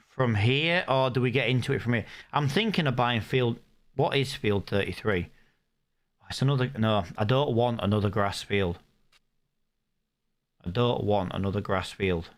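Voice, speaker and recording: A man's voice: medium pitch, a little slow, pauses often. Young british guy streaming games, chatty, reads out chat, muttering plans as he plays. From United Kingdom. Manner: chatty, thinks aloud while playing, reads chat comments. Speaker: game streamer. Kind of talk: live gaming stream commentary.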